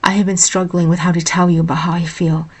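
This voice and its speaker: Woman voicing a devoted royal guard, hushed. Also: lowish voice, level tone, quick pace, slightly rough. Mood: tender. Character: devoted young male royal guard, tender. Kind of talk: storybook reading.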